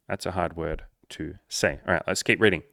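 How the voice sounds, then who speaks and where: A man's voice: low voice, steady tone, fairly quick, creaky, pushed and bright, no room sound, studio quality. A man coaching his viewers in casual talk to camera, playful and mock-formal at times, swearing freely. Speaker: dating and life coach.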